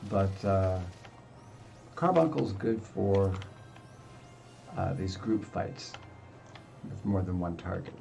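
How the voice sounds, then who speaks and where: An older man talks casually over his gameplay, chatty and quick to poke fun at himself. His voice is low, gravelly and mellow. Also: expressive, soft background music. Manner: chatty and self-deprecating. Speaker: gaming video host.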